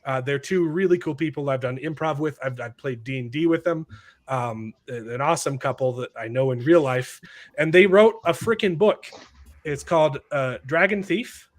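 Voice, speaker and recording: A man's voice: on the high side, moderate pace. A man hosting a podcast in casual chat, rambling and repeating words as he starts his sentences. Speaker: podcast host.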